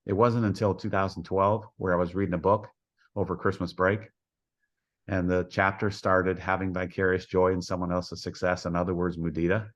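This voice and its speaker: A man who coaches softball, telling folksy anecdotes as a podcast guest and acting out the dialogue in them. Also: low voice, little pitch movement, moderate pace, dull audio. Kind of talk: storytelling in a podcast interview.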